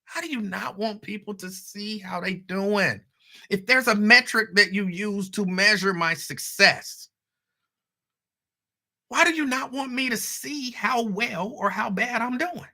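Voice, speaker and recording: Male host, fairly high, very bright voice, casual storytelling with asides to the audience. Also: unhurried. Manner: conversational storytelling, animated asides to listeners. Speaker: radio host. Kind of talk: casual monologue.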